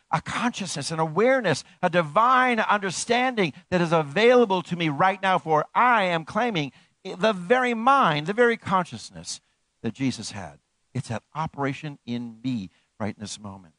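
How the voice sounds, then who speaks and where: A man's voice: expressive, normal speed, sharp tone, no room sound. A man preaching a sermon as pastor, emphatic, swinging his voice up and down and repeating key phrases. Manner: preaching with wide swings in pitch and volume.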